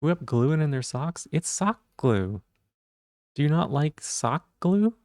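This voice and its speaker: A man's voice: on the high side, very animated, slow pace, darkish tone, no echo, studio quality. A man streaming live, chatting casually and playfully while he repeats silly puns and rambles.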